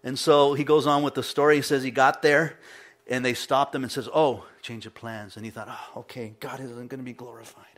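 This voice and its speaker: A male pastor preaching a casual, storytelling sermon, mimicking the people he quotes with sudden loud bursts. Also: mid-range voice, little pitch movement, brisk.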